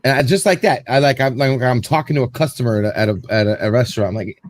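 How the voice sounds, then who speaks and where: A show host with a mid-range voice talks quickly, rambling through a story on a casual show. He repeats words and acts out what people said.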